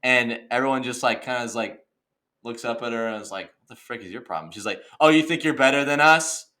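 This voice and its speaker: A young man co-hosting a podcast, telling a story in a casual, animated rant and saying "dude" and "okay" a lot. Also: mid-range voice, brisk. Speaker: podcast co-host. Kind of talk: casual chat.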